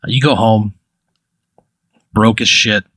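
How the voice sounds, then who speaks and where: Casting note: game master for a tabletop game, man, lower voice, very bright, casual storyteller. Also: steady tone, slow, no echo.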